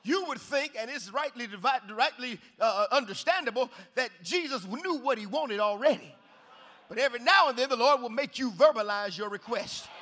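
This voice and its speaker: A man preaching a shouted revival sermon in a large church, hollering in a rhythmic call-and-response style. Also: extremely high pitch, expressive, normal speed. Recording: echoey hall reverb.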